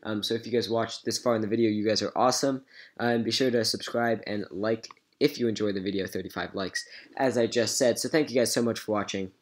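A gaming YouTuber with a fairly low, steady voice talks fast in a casual vlog, recapping a chat he had with a scammer. Chatty and amused, he retells the messages with "so I go" and fills his speech with lots of "um"s.

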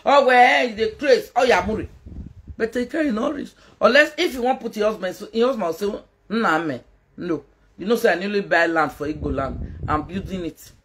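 A woman's voice: mid-range voice, normal speed, a little hiss or hum. A Nigerian woman doing a casual live-stream gossip rant as a social media commentator, mocking, laughing and scolding.

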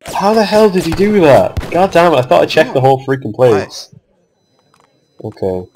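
A man's voice: fairly high pitch, very animated, normal speed, rough recording. Young man swearing over a strategy game. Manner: swears often, exasperated outbursts at his opponent. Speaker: gamer commentating his own match. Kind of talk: casual gameplay commentary.

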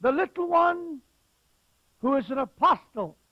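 A man preaching a sermon as a pastor, with emphatic stresses that suddenly grow loud. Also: extremely high pitch, animated, measured pace, dry recording, muffled recording.

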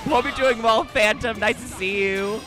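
A man streaming a video game live, chatting excitably with viewers and swearing freely. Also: high voice, normal speed. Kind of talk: live gaming commentary. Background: game music.

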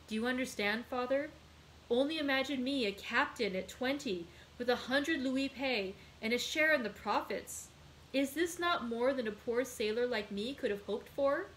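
A woman reading aloud, voicing an earnest, devoted young male sailor with lively emphasis. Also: high voice, normal speed, a little hiss or hum, low-quality recording. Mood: joyful.

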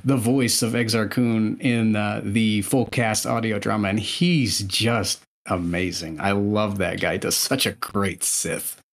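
A man's voice: lowish voice, fairly even intonation, unhurried, hardly any pauses. A man guest on a podcast, chatting casually and enthusiastically with many hesitations.

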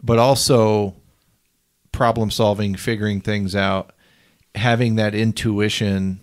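Podcast host dude, kinda low voice, reflective, coachy, swears casually. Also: male voice, little pitch movement, slow.

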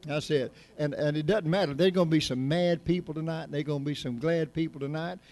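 A man's voice: fairly high pitch, fairly even intonation, a little fast, a little mellow. A middle-aged man, a pastor preaching to his congregation in a folksy, joking, rambling way with many restarts. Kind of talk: casual sermon to a congregation. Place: church sanctuary.

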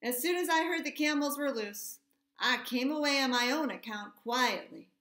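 A woman reading aloud gives voice to a gruff old male army mule in a storybook, dry and scolding. He sounds sure he knows better than everyone. The voice sits fairly high, in a roomy, echoing space. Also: normal speed, sharp tone. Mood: scornful. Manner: dry, scolding, know-it-all.

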